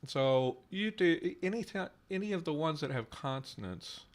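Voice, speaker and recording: A man hosting a language-building stream, slowly thinking aloud and repeating invented word forms over and over to test how they sound. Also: on the high side, expressive. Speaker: conlang show host. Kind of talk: working through examples live on stream.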